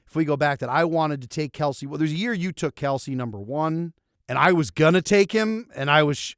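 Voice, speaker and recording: A man co-hosting a casual sports podcast, talking in a lively, self-mocking way with laughs, swearing and restarts. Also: fairly high pitch, no room sound, studio quality. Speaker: podcast co-host. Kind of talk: casual chat.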